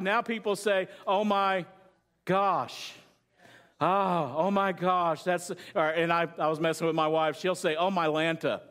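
High-voiced joking pastor. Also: male voice, a bit bright. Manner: conversational, joking with the congregation. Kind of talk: sermon.

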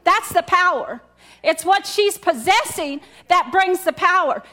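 High-voiced woman preaching a conversational sermon. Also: expressive, a little slow, a bit bright. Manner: conversational, repetitive, asks the congregation questions. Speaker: pastor. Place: church in front of a congregation.

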